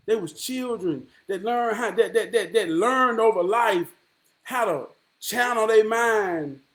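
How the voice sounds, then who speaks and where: A man delivering an impassioned monologue, emphatic and profane, firing off rhetorical questions and tagging "man" onto his lines. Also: high voice. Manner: repeats "man" as a filler.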